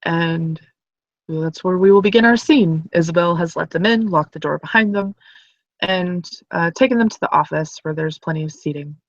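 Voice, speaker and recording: Tabletop game master, relaxed narration, filler words, muffled dry recording. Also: mid-range voice, normal speed, dry recording.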